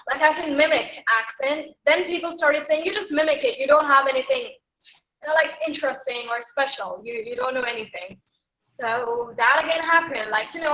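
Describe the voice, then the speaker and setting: Young Indian English woman, chatty motivational speaker, sharp bright tone. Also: sits high, echoey room, rough recording. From Haryana, India. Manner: chatty, with many "like" and "you know". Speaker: guest speaker at a school. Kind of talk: motivational talk to students.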